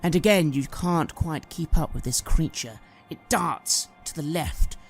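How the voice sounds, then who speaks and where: Gravelly-voiced man narrating a horror game. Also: on the high side, measured pace, soft background music. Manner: dramatic storytelling narration. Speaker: game master.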